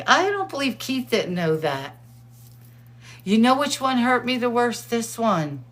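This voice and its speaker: Woman, middle-aged, casual chat host, excitable, laughs a lot, slow-paced, medium pitch. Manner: excitable, chatty, laughs often.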